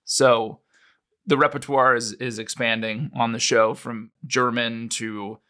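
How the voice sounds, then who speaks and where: A man's voice: medium pitch, fairly even intonation, slow, bright, forceful tone. A man co-hosting a podcast, talking in a casual, rambling, self-mocking way. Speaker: podcast co-host.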